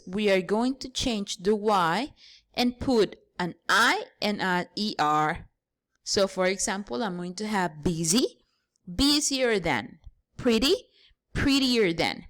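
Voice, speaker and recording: A woman English teacher giving a grammar lesson, explaining patiently step by step and spelling out letters. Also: mid-range voice.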